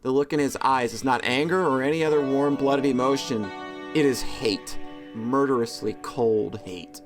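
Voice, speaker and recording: A man's voice: mid-range voice, moderate pace, over music. A man reading a visual novel's text aloud, breaking off for sarcastic, joking commentary. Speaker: let's play host.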